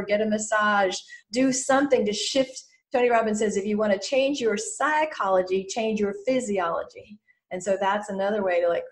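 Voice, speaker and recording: A woman in her fifties, a mentor and former therapist, talking in a podcast interview and acting out anxious inner voices. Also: a little high. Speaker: guest mentor.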